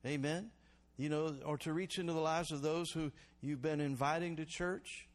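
Pastor guy preaching, gets loud then drops way down quiet, keeps asking for amens. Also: on the high side, normal speed. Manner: animated preaching, calls for congregation response; swings between loud exhortation and quiet reflection. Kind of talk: sermon.

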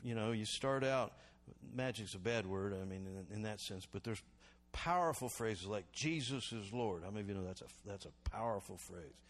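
With a voice on the low side and a normal speed, a man preaches a sermon as pastor. He invites responses from the congregation and alternates between loud exhortation and quiet reflection.

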